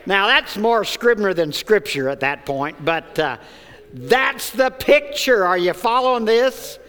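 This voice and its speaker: High, bright-voiced preacher in a reverberant church. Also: male voice, animated, unhurried, clear, resonant tone, faint music behind. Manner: preaching with call-and-response and joking asides. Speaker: pastor. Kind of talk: sermon. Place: church sanctuary. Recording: long church hall reverb.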